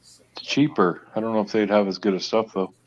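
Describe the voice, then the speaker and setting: A man's voice: lowish voice, steady tone, brisk. A man in casual chat with friends on a stream, laid-back and amused. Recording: dull lo-fi line with faint noise.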